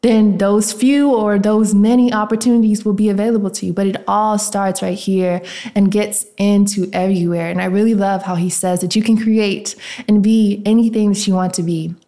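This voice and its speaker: A woman's voice: medium pitch, steady tone, moderate pace, warm tone. A woman, hosting a solo podcast in a reflective, motivational, casual way. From Tennessee, USA. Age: 20s. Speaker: podcast host.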